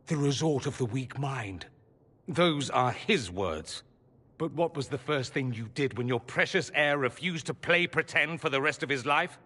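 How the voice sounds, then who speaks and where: Dorian, a sardonic, husky mage. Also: male voice, a little high, fairly bright tone, big-room sound, heavily acted. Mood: furious. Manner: sarcastic, cutting, rising to anger. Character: sardonic proud male mage, bitter estranged son. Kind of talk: game character dialogue.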